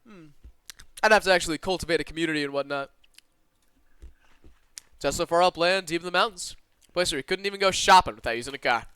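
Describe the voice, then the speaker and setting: A man with a slight Southern US twang, streaming from his own room and reading a visual novel aloud with animated asides. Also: a little high, clear, resonant tone, no echo. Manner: animated and expressive, with quick asides to chat.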